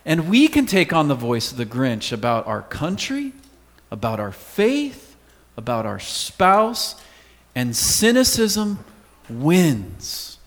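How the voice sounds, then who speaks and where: High-voiced man preaching in a hall. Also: wildly swooping pitch, slow pace. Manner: earnest preaching, drops to a hush on key words. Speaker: pastor. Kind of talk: sermon.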